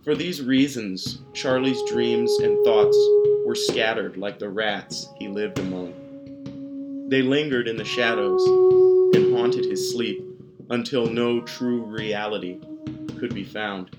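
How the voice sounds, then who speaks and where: A man reads a dark tale aloud at an unhurried, deliberate pace, his voice sitting a little low. Loud plucked guitar music plays under his narration throughout. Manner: slow, measured storytelling. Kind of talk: scripted horror narration.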